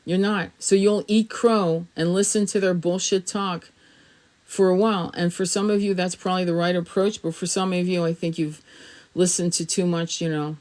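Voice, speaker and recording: A middle-aged woman with a somewhat low voice gives a tarot reading to camera. She talks in a casual, blunt way, swearing freely, leaning hard on her points and laughing now and then. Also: steady tone, moderate pace, darkish tone. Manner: blunt and profane, emphatic, laughs often. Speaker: tarot reader.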